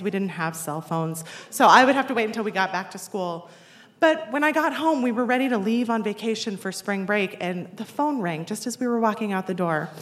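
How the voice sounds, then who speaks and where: A woman's voice: a little high, fairly bright tone. Wry woman in her forties, roomy echo. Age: 40s. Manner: wry, self-deprecating, laughing through the story. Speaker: storyteller. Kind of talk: personal storytelling to a live audience.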